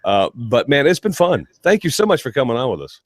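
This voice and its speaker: A man's voice: medium pitch, sing-song, a little fast. A man hosting a casual podcast chat, upbeat and teasing. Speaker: host.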